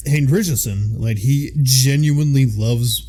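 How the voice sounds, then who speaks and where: A man's voice: medium pitch, a little slow, dark tone. A man with a Midwestern American accent, co-hosting a casual podcast chat, rambling and enthusiastic with lots of fillers. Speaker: podcast co-host.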